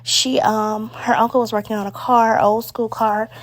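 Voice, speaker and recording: A woman giving a casual spoken movie review, chatty and excitable, with lots of slang and fillers. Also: fairly high pitch, normal speed.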